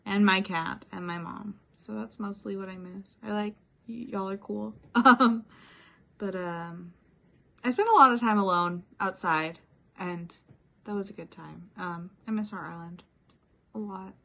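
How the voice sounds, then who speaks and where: A young woman giving a casual, rambling video update in a soft voice, with frequent ums. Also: medium pitch, measured pace, gravelly. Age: young adult. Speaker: former classmate giving a life update.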